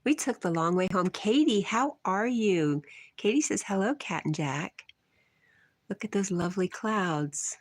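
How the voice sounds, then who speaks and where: Teasing woman on a porch livestream, kinda low voice, dry close sound, laughs a lot. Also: animated, normal speed, no room sound. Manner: chatty, teasing, laughs often. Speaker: livestream host reading chat. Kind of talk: casual livestream chat.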